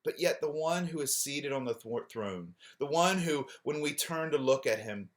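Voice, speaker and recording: Earnest male pastor preaching softly. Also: lively intonation, normal speed, few pauses. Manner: earnest, repeats words while searching, drops soft and low on key phrases. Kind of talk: sermon.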